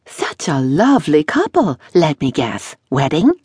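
A woman's voice: sits low, sing-song, measured pace, darkish tone, slightly rough, no room sound, clean studio sound, full character voice. A woman voicing a fussy, flamboyant middle-aged male dressmaker in an audiobook, with a theatrical, gushing manner.

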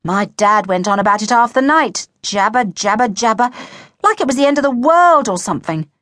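A woman's voice: fairly high pitch, animated, moderate pace, a bit bright, voice pushed up. A skinny, mournful schoolboy speaks in a gloomy, crushing drone, put on by a woman reading a children's book. His tone is dry and defeated. The sound is close with no room echo.

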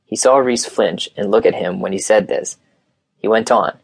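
Guy reading a romance audiobook, low voice with some fry, plain and steady. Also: moderate pace, dry recording. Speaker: audiobook narrator. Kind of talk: scripted narration.

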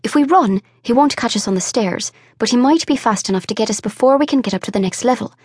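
A grim, cautious male elf warrior who speaks low and resigned, often close to a whisper, as a woman narrator plays him. The pitch sits a little high for a man. The sound is dry and close. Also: fast, slightly rough, dry recording.

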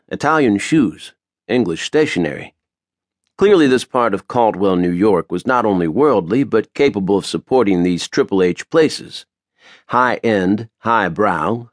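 A man's voice: fairly low pitch, no echo, clean studio sound. A man narrating an audiobook in a wry, playful storytelling manner. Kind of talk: scripted narration.

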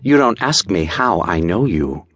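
A man's voice: low voice, big pitch swings, a little slow, fairly bright tone, breathy edge, dry recording, clean studio sound, exaggerated voice. A man putting on a teasing young society girl. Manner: teasing, mock-regal. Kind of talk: audiobook character voice.

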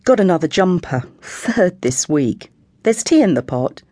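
A woman voicing a chatty middle-aged mum with a brisk, soothing counsellor tone, in an audiobook. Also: on the low side, very animated, mellow, dry recording, clean studio sound, voice pushed up. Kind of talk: audiobook character voice.

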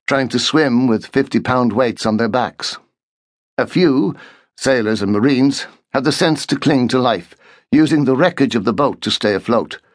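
A man reading a historical novel aloud in a measured, steady storytelling voice. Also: mid-range voice, dry recording, studio quality. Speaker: audiobook narrator. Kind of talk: scripted narration.

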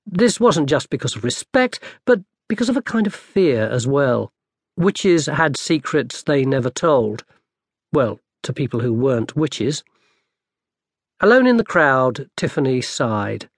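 A man narrating an audiobook in a lively, dry storytelling manner. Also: mid-range voice, measured pace, dry recording. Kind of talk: scripted narration.

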